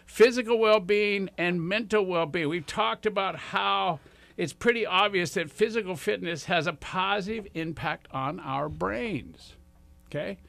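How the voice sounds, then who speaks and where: With a high-pitched, slightly bright voice touched by vocal fry, a radio host in his sixties speaks unhurriedly to his audience. There's no room sound as he offers rambling, enthusiastic motivational talk directly to listeners.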